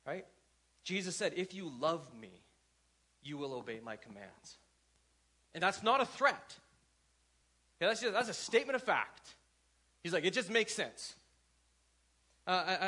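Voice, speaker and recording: A man's voice: a little high, fairly bright tone. A man in his thirties, a pastor, preaching a sermon in a loose, conversational way, often checking in with the congregation. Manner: conversational, asks the congregation questions.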